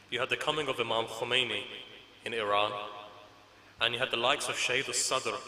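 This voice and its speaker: A man's voice: medium pitch, bright, forceful tone. A man giving a religious lecture to an audience, telling anecdotes in a conversational, humorous way. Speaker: Islamic lecturer. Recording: echoey hall reverb.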